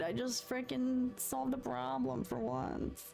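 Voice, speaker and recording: A young adult woman chatting casually on a live stream as she paints, expressive and talkative, swinging between frustration and giddy relief. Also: high-pitched, slow pace, gravelly, soft background music.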